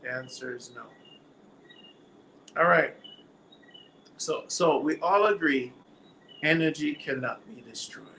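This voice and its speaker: A man's voice: on the high side, takes it slowly, pauses often, bright, forceful tone, slight background noise, rough recording. A man with a Jamaican accent hosting a live stream, reading viewer comments aloud, laughing often and quizzing his viewers like a teacher. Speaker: livestream host.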